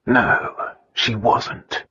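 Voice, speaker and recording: A man reading an audiobook, voicing an arrogant nobleman husband who is gruff, blunt and dryly teasing. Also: drawn-out words, pushed and bright, dry recording, muffled recording. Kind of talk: audiobook dialogue.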